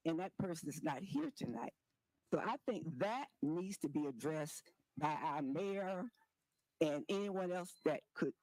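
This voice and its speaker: Measured, pointed man at the mic. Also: sits high, no echo, poor audio. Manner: measured, pointed, avoids naming names. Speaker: resident speaking at public comment. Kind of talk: public comment at a town meeting.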